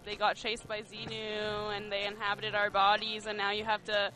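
A woman's voice: medium pitch, completely flat delivery, normal speed, bright, forceful tone. A woman speaking as a radio guest in casual chat, playful and joking, often laughing.

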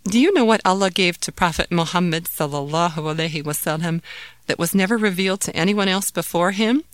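A woman voicing a gentle, loving mother who soothes and patiently explains to her son in a storybook reading. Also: lowish voice, a little fast, no echo, natural voice. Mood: explaining. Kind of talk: storybook read-aloud.

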